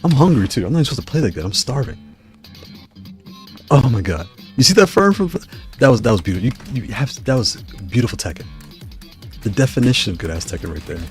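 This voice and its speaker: A man giving excited live commentary on a fighting game he is playing, taunting his opponent and laughing. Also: medium pitch, quick pace, long pauses. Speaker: gaming streamer. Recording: music playing behind.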